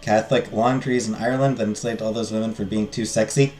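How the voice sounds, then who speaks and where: A man's voice: lowish voice, fairly even intonation, quick pace, a little mellow, echoey room, soft background music. A man hosting a let's play, chatting casually, joking at his own expense and answering viewers. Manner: jokey, chatty, laughs at himself, answers chat. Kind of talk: casual gameplay commentary.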